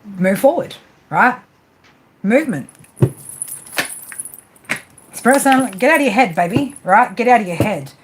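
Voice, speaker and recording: A woman with a fairly high, lively voice speaks a little slowly, leaving long pauses over background noise. She's a tarot reader doing a live reading, casual and blunt, repeating herself and tacking "right?" onto her points. She's affectionate but swears freely.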